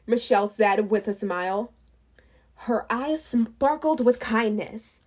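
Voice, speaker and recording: A woman reading a children's storybook aloud, unhurried, with small restarts. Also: on the high side, animated, darkish tone. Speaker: children's book reader.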